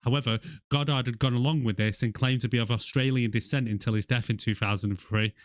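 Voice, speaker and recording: A man's voice: mid-range voice, fairly even intonation, quick pace, dry recording, studio quality. A man from Britain, co-hosting a casual movie review podcast, laughing often and keeping it loose. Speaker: podcast co-host.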